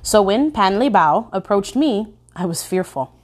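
Expressive woman narrating a memoir. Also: medium pitch, measured pace. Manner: expressive storytelling, stressing key words.

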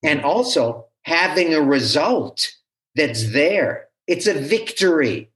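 Male guest teacher, slow and halting, voice pitched a little high. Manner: animated, halting, restarts often. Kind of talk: conversational interview.

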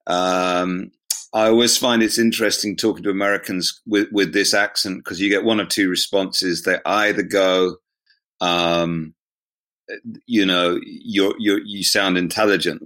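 A man's voice: deep voice, fairly even intonation, a little slow, a bit bright. A middle-aged man with a southern English accent, a pastor chatting as an interview guest, self-deprecating and given to laughing. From southeast England. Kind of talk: casual interview chat. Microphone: remote call.

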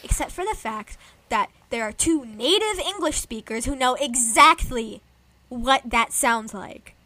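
A young woman with a slightly high voice, talking in an animated, rambling way. She gushes like an excited fan in casual podcast chat. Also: unhurried.

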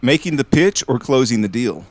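A man hosting a podcast interview, playful as he quizzes his guest with quick either-or questions. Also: mid-range voice, lively intonation, a little mellow, no room sound. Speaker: podcast host.

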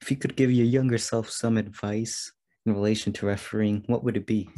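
A man's voice: lowish voice, fairly even intonation, brisk, mellow. A man hosting a podcast, asking brief, polite questions. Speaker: podcast host. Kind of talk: interview questions.

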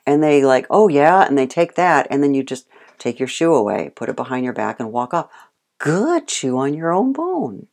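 A woman giving a dog-training lesson, animated, acting out praise and the dog's thoughts. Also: low voice. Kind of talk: instructional talk.

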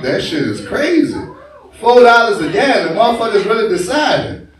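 Profane young New Orleans comic, echoey bar. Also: male voice, fairly high pitch, expressive, moderate pace. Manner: profane, swaggering, crude. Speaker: stand-up comedian. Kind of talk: live stand-up set. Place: bar stage. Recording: echoey live bar recording, distant mic.

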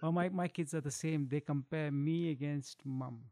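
Middle-aged male chef, gravelly tone, dry sound, easygoing chat with frequent laughs. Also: a little high, fairly even intonation, moderate pace, dark tone, dry recording. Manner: chatty, laughs often, restarts phrases. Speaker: chef and food business owner. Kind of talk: casual interview chat.

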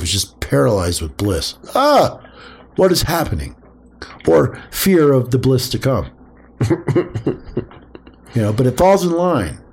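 A man's voice: medium pitch, darkish tone, slightly rough. A man hosting a podcast, talking casually about spirituality, acting out quoted voices and swearing freely. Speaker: podcast host.

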